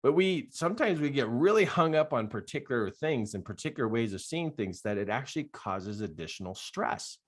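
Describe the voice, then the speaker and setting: An older man, a life coach, telling stories in an animated podcast monologue and laughing often. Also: mid-range voice, a little fast, hardly any pauses.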